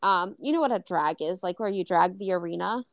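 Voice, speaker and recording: A woman co-hosting a casual podcast, telling a story with lively acted-out quotes and plenty of swearing. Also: fairly low pitch, a little fast, no room sound. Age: adult. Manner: animated, acts out quoted dialogue, swears freely. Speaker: podcast co-host.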